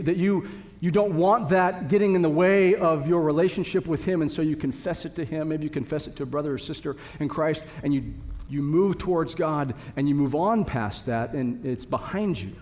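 Earnest and working up to emphatic repetition, a pastor preaches to his congregation in a fairly high, slightly mellow voice. The church sanctuary lends the recording a long hall reverb.

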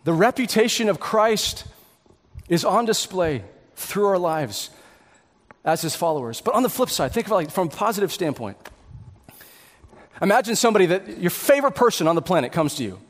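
Male pastor, high voice, earnest sermon, long church-hall reverb. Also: big pitch swings, normal speed. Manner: earnest, builds to emphatic peaks with repeated words.

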